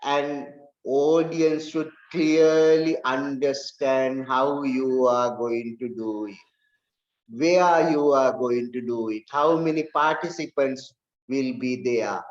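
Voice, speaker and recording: A male lecturer, unhurried and emphatic, repeating key points to the class. His slightly high voice rings in an echoey classroom, and the recording sounds dull and lo-fi.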